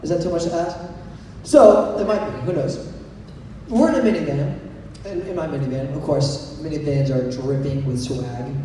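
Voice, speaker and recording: Young guy youth pastor joking around, highish mellow voice, big echoey hall, sounds far off from the mic. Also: moderate pace, a little hiss or hum. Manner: playful, joking, asks audience to raise hands. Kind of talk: youth sermon with storytelling. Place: large hall with an audience.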